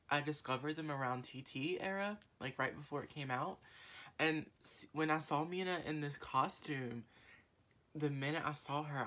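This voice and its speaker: Young woman vlogger, very low voice, rambling casual unboxing chat, gushing fan. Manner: chatty, rambling with many fillers and restarts; gushing fan, swings from low murmuring to excited squeals. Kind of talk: casual unboxing haul vlog.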